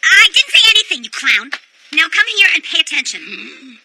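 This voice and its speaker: A bossy, sarcastic sorceress. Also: female voice, very high voice, big pitch swings, normal speed, bright, forceful tone, a little hiss or hum, heavily acted, poor audio. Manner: curt and teasing. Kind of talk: anime dub acting.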